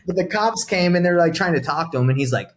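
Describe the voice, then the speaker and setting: His voice sits high and moves a little fast as this young man from Atlanta, a real estate investor guesting on a podcast, tells a casual story. He brings the quoted lines to life with animated swings.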